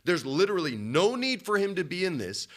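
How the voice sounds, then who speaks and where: A young man co-hosting a podcast, telling a story in casual chat and swinging between loud bursts and low asides. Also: very animated, brisk. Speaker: podcast co-host.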